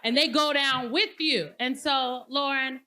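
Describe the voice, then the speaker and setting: Bright, high-pitched enthusiastic woman. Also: steady tone, unhurried, a little hiss or hum. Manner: enthusiastic and playful. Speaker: event speaker. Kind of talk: closing remarks at a live event. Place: conference hall.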